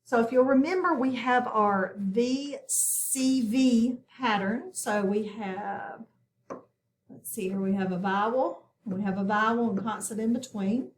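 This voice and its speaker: A woman's voice: on the high side, a little slow, roomy sound, slight background noise. A woman teaching a recorded phonics lesson, explaining each step patiently and plainly.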